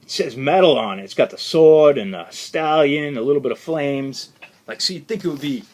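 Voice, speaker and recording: Chatty opinionated man with slightly high voice. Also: lively intonation, moderate pace, darkish tone. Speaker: record collector vlogger. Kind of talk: casual unscripted record haul chat.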